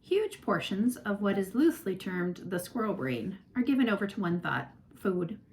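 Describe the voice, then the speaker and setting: A woman narrating a children's novel aloud in an expressive storytelling manner. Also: medium pitch, normal speed, slight background noise, rough recording. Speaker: reader.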